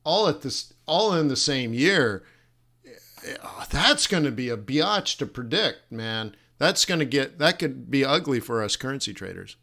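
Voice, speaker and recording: A middle-aged man hosting a live-streamed trading lesson, animated and joking, teasing his viewers as he rambles with frequent laughs and restarts. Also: medium pitch, measured pace, vocal fry. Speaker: forex trading instructor and host.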